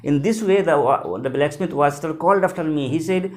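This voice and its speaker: A man, teaching a lesson and explaining words slowly and repetitively, spelling some out letter by letter. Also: a little high. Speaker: English teacher.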